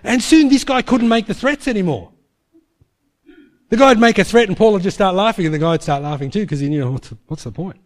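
Preacher telling a story. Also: male voice, high-pitched, brisk. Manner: emphatic, acts out quoted prayers in a hushed voice. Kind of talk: sermon storytelling.

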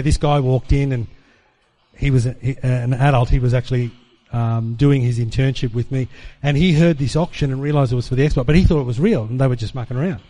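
A man preaching, telling a personal testimony as an animated storyteller who acts out the dialogue. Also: mid-range voice.

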